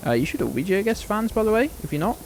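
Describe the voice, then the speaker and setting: A man's voice: sits high, sing-song, rapid-fire, slight background noise. A man chatting casually and playfully while streaming a game, swearing freely. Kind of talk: casual live-stream chat.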